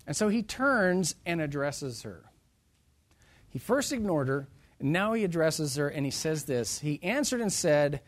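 This male preacher has a fairly high, sing-song voice and keeps a measured pace. He first recites scripture in antiquated language and then paraphrases it casually, with sharp shifts from loud to quiet.

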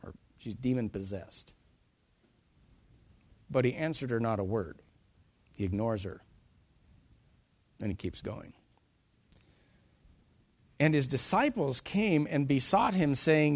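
Speaking in a mid-range voice, this preacher is expressive and slow, pausing often. After reading a scripture passage in old-fashioned wording, he recasts it in everyday terms, his volume rising and falling dramatically.

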